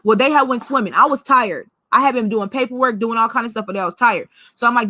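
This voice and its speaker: A woman vlogger telling a personal story in a blunt, profane, animated way. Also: fairly high pitch, fast, hardly any pauses, no echo.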